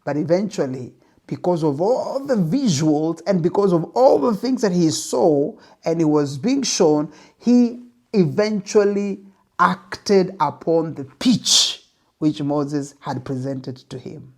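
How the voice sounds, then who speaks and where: A man giving a motivational talk on pitching, retelling a Bible story emphatically to make his point. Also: expressive, slow pace. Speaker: business speaker.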